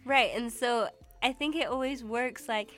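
A woman's voice: a little high, a little slow, a bit bright, faint music behind. A young woman co-hosting a radio show in a studio, chatting casually and thinking aloud with small restarts. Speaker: radio co-host.

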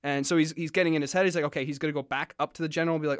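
A man's voice: on the high side, rapid-fire, hardly any pauses, a bit bright, dry recording, clean studio sound. A man casually retelling a story, full of fillers, restarts and jokey asides.

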